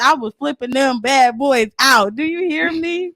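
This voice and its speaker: A young woman co-hosting a podcast, telling animated stories, acting out quotes and laughing often. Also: sits high, moderate pace, no room sound, studio quality. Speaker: podcast co-host. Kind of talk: casual chat.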